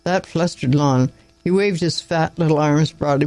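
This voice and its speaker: Man reading a story aloud, a bit high. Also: darkish tone, dry recording, soft background music, rough recording. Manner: plain, measured reading with small slips. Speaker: narrator.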